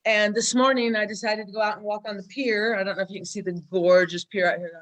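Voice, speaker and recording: A woman in her seventies on a laptop video call, telling a story in an excited, chatty way. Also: mid-range voice, quick pace. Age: 70s. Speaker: community member sharing a testimonial. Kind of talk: casual group video call. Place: relative's home with people around.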